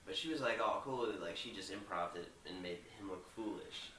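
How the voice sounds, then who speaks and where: A man's voice: fairly low pitch, fairly quick, bright, forceful tone, echoey room, recorded from a distance, slight background noise, poor audio. A young man loosely retelling a movie plot, rambling with lots of filler words. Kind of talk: rambling casual movie recap.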